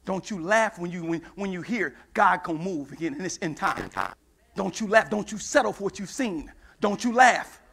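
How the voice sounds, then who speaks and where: A man preaching a sermon in church, acting out Bible dialogue in call-and-response style and building into shouts. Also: high voice, normal speed, breathy edge. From United States.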